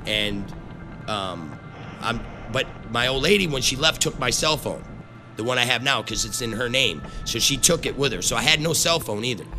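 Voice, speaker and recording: A middle-aged former carnival worker tells a story casually, blunt and profane, swearing constantly and rambling with restarts. His mid-range voice has lively intonation and a moderate pace, with music in the background.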